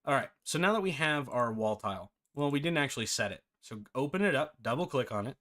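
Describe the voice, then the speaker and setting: A man's voice: medium pitch, expressive, a little fast, fairly bright tone. A man hosting a live-streamed game development tutorial, chatty and self-deprecating, often breaking into laughter.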